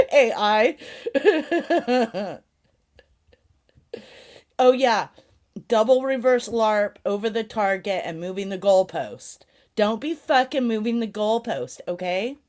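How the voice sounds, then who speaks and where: A woman's voice: mid-range voice, darkish tone. A woman hosting a casual live chat, ranting sarcastically, swearing often and laughing a lot. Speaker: livestream host.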